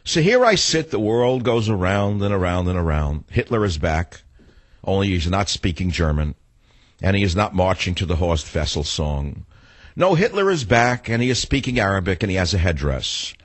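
A man's voice: low voice, animated, moderate pace, no room sound. An older man hosting a talk radio show, delivering a combative, sarcastic monologue.

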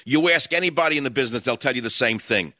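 A man's voice: medium pitch, quick pace, bright, forceful tone, dry recording. Combative male talk radio host. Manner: combative, ranting monologues. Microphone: studio mic.

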